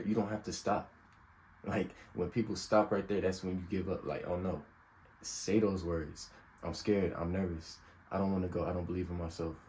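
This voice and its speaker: A young man with a very deep voice talks through personal advice, earnest and unguarded, as if thinking aloud. A faint hiss of background noise sits under his voice. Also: mellow, poor audio. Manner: earnest, unscripted, vulnerable. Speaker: self-help vlogger.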